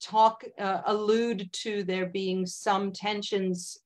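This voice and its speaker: A woman, a guest in a conversational interview, talking in a measured way with frequent fillers and asides. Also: mid-range voice, flat delivery.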